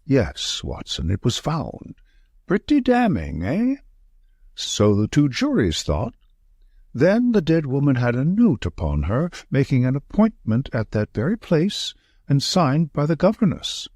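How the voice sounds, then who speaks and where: A man reading the part of a shrewd, dry-witted Victorian detective in an audiobook, measured and emphatic. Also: mid-range voice, huge pitch swings, darkish tone, breathy edge, no echo, heavily acted. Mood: musing.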